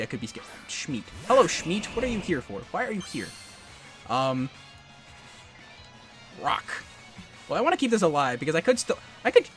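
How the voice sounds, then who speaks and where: A young man with a fairly bright voice on the high side gives live commentary on his own competitive game match. He trash-talks his opponent between bits of strategy, musing on his plans under his breath.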